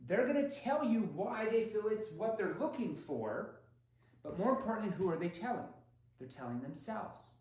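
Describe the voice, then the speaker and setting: A fairly high-voiced man teaches sales technique in a lively, up-and-down way. He slips into short acted lines for buyer and seller, and his voice rings in a very echoey room. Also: moderate pace. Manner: demonstrative, acts out prospect and seller lines with shifting tone. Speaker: sales trainer. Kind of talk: recorded sales training lesson.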